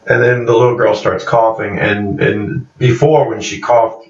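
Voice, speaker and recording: A man's voice: fairly low pitch, normal speed. A man casually recapping TV episodes as a reviewer, rambling with many fillers and restarts, often laughing. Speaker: TV series reviewer. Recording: echoey room, distant mic, dull sound.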